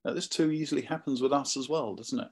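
A man preaching a sermon in a conversational, animated storytelling manner. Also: mid-range voice, quick pace, breathy edge.

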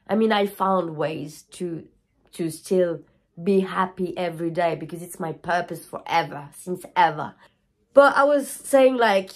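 A woman's voice: on the high side, a bit bright. A woman yoga teacher speaking to camera in a candid personal video. She is emotional and openly tearful at times, and she jumps between thoughts, swearing freely. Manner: scattered, frank, swears freely.

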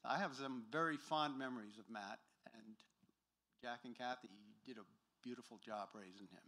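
A man gives a memorial tribute in a church as a family friend. He speaks in a halting way, often stopping to search for the next word, with a plain, middle-pitched voice. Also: bright, forceful tone.

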